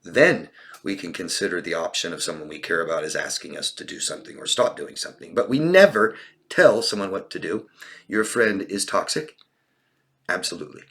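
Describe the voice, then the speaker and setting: Deep-voiced male life coach. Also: expressive, a little fast, vocal fry, fairly bright tone. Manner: earnest, direct, many restarts. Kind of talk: Q&A advice talk.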